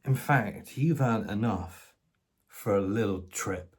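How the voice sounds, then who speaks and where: A man's voice: on the low side, slow, slightly rough. A middle-aged British man giving a sarcastic, casual commentary monologue, mocking and incredulous, with colloquial asides. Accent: British English. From Britain. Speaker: political commentator.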